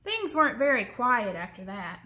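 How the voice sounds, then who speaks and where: A woman reading a children's story aloud in an expressive way, slowing down for suspense. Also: on the high side. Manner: expressive, slows down for suspense, sometimes drops to a whisper.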